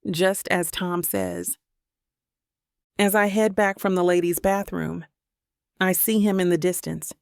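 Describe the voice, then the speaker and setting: A woman narrating a first-person romance audiobook in an even, steady reading voice. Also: fairly low pitch, measured pace, gravelly, pauses often, smooth, no echo, studio quality.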